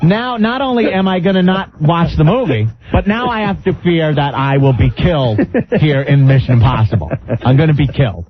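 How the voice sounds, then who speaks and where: A man hosting a talk radio show, telling a long story in an animated way and acting out its people. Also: fairly high pitch, a little fast, few pauses. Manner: animated, breaks into laughter, acts out the people in his story. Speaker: radio host. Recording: lo-fi radio broadcast.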